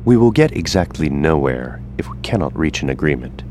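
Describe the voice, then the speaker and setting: An actor playing a stiff, formal male demon familiar who speaks in a measured, precise way. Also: very deep voice, big pitch swings, a little mellow, slight background noise.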